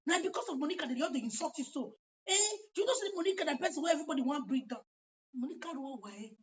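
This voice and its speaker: A woman with a Nigerian accent talking in a casual monologue, animated and emphatic, repeating her points. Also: sits high, very fast, a little hiss or hum. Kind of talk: casual monologue mixing Pidgin and local languages. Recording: dull lo-fi recording.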